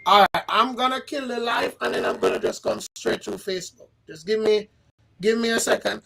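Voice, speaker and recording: Man hosting a live stream with a high, lively voice and a halting, repetitive delivery. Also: creaky, rough recording. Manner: repetitive, halting, asks the audience questions. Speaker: livestream host. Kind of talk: casual livestream chat. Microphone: livestream setup.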